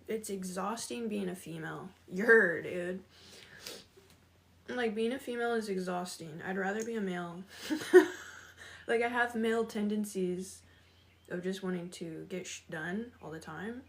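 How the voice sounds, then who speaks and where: A woman's voice: a little high, vocal fry. A woman chatting casually with viewers on a livestream, laughing often and greeting them by name.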